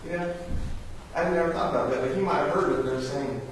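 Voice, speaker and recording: A fairly high-pitched pastor moves through his sermon fairly quickly, animatedly telling stories and acting out the voices within them. Slight background noise accompanies a distant, very echoey church sanctuary sound.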